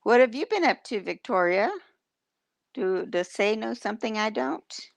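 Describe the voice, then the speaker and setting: A woman's voice: a little high, expressive, moderate pace, gravelly, no room sound. A woman hosting a casual livestream, greeting viewers and chatting in a teasing, rambling way. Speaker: livestream host.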